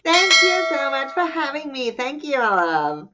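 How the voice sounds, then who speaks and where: A woman's voice: high-pitched, big pitch swings, a little slow, very noisy. A woman from Germany with a German accent, chatting as a podcast guest in a bubbly, candid way and laughing often. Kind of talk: casual interview chat.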